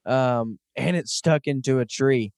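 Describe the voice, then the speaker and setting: A man's voice: medium pitch, unhurried, darkish tone, clear, resonant tone, no echo, studio quality. A man in his thirties hosting a casual podcast, talking earnestly and enthusiastically with frequent "um"s. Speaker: podcast host. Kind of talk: casual hunting podcast chat.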